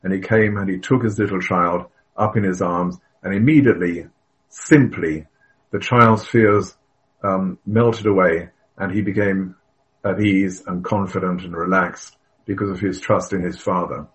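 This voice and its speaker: An older man delivers a sermon in a fairly low voice. He speaks earnestly, stressing phrases as he goes. He tells stories with the occasional filler and a cleared throat. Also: steady tone, a little slow, rough recording. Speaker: preacher.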